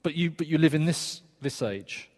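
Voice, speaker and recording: Preacher in a reverberant hall. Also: male voice, fairly high pitch, expressive. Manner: conversational, earnest, with restarts and quick asides. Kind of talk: sermon. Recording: long reverb of a church hall.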